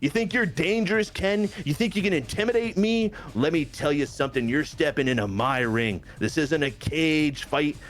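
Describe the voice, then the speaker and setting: A man's voice: a little high, moderate pace, few pauses, faint music behind, voice pushed up, close to an everyday voice. A man putting on the voice of a boastful, confident male wrestler cutting a taunting promo.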